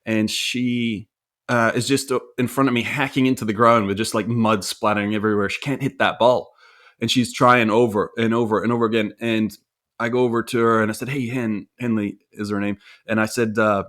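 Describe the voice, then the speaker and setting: A man's voice: lowish voice, little pitch movement, a little fast, a bit bright. A man in his thirties, co-hosting a podcast, tells a personal family story in a reflective, earnest way with frequent restarts. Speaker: podcast co-host. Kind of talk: casual conversational storytelling.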